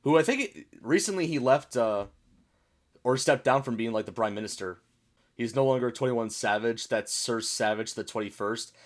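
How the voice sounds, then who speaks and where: A man's voice: mid-range voice, moderate pace. A young American man casually reacting to memes as a video host, chatty and puzzled, reading captions aloud. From United States.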